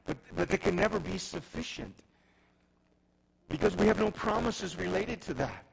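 Gravelly middle-aged pastor preaching. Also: male voice, sits high, lively intonation, moderate pace, low-quality recording. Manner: repeats and restarts words, swings between loud emphasis and quiet intensity. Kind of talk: sermon.

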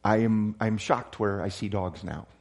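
A man's voice: lowish voice, measured pace, a little mellow. A middle-aged pastor preaching a sermon, often restarting words and suddenly raising his voice for emphasis. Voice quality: repeats and restarts words, emphatic jumps in volume.

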